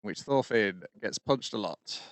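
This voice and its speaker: Low-voiced man summarizing on a podcast. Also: expressive, measured pace, no room sound. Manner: hesitant, with many "uh" fillers, summarizing episodes. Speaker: podcast co-host. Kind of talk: casual chat.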